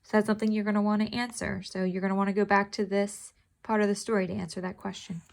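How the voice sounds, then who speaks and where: Gravelly-voiced woman teacher reading aloud. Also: medium pitch, little pitch movement, fast. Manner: encouraging, explanatory, asks the listener questions. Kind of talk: reading a chapter book aloud with comprehension questions.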